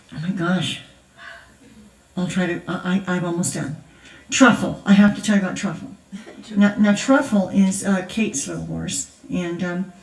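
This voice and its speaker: In an echoey large church hall, a grandmother's medium-pitched, darkish voice carries from far off. The older woman is giving a storytelling testimony at a conference, talkative and often laughing.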